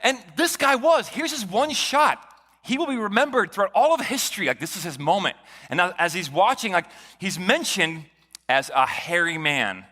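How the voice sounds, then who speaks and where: A male pastor giving a sermon in a church, animated and joking, with a conversational, chatty delivery. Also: sits high, normal speed. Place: church sanctuary. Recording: long church reverb.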